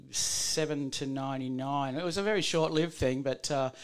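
A man's voice: medium pitch, a little fast, clear, resonant tone. A man with an Australian accent, a musician guest, chatting and telling stories in a laid-back, laughing way. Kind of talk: casual chat. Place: home bar in a shed.

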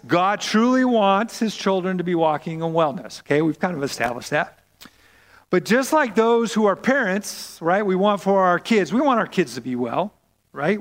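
A man preaching a sermon in a lively way, repeating words and often asking "right?". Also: high voice. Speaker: pastor. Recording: long reverb of a hall.

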